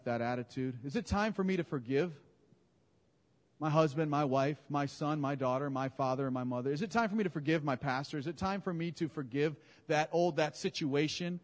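A man preaching a sermon in a conversational, animated way, often correcting his own words. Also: a little high, moderate pace. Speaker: pastor. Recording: long hall reverb.

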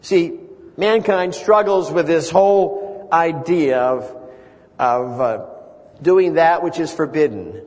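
A man's voice: fairly high pitch, slow pace, darkish tone. Man preaching in an echoey hall. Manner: earnest, builds to emphatic repetition. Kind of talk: sermon. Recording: long reverb of a large hall.

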